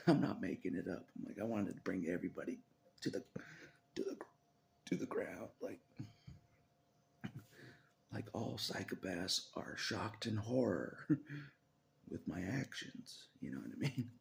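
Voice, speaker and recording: Brief: man, vlogger, deep gravelly voice, rambling monologue that slips into whispers. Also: expressive, unhurried, long pauses, slight background noise. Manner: rambling, laughs often, drops into whispers.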